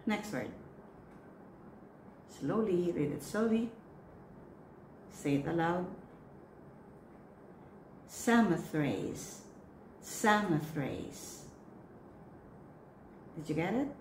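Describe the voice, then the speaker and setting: Slow, patient woman leading a pronunciation drill. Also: on the low side, expressive, a little mellow. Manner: slow, patient, spaced-out prompts with long pauses. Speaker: pronunciation coach for church lectors. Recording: echoey room with faint noise.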